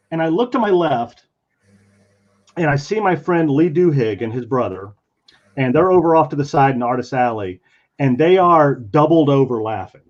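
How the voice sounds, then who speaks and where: In dull, lo-fi stream audio, a man's fairly high voice moves at normal speed as he, a comic artist, draws and casually narrates a convention story. He stays animated, performing the quoted voices of the people involved.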